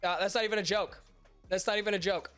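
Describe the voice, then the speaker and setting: Over faint music, a young podcast-stream host talks fast in a high, steady, slightly bright voice. Allergies leave him congested and nasal as he jokes crudely with his chat, pokes fun at himself and swears heavily.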